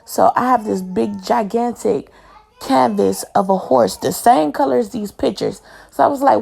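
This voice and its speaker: A woman's voice: a little high, normal speed, vocal fry, a little mellow, husky. A young adult woman, chatting casually through a home tour and rambling as she keeps calling her viewers y'all. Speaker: home decor vlogger.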